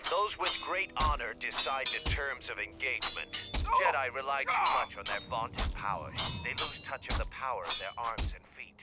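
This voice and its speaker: A man's voice: mid-range voice, expressive, moderate pace, hardly any pauses, lightly acted. A man playing a stern Mandalorian battle commander. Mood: proud. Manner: formal, proud, lecturing. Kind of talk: video game voice acting. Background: game music.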